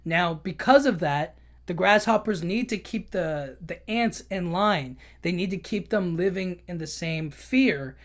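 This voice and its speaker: A man's voice: high-pitched, fairly bright tone. A man hosting a podcast, retelling a movie plot in a loose, rambling way with many restarts and fillers, and briefly acting out the characters. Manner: acts out characters' lines in quick bursts. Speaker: podcast host. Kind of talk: casual movie recap.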